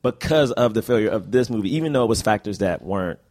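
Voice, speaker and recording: A man's voice: lowish voice, lively intonation, fast talker, darkish tone. Guy cohosting a podcast, voice jumps all over, laughs a lot and restarts his sentences. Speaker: podcast co-host. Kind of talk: casual chat. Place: recording at a festival in Austin.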